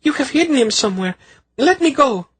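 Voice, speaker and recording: A man voicing a frantic young queen, shrill and desperate as she searches for her baby. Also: very animated, moderate pace, fairly bright tone, slightly rough, dry recording, exaggerated voice.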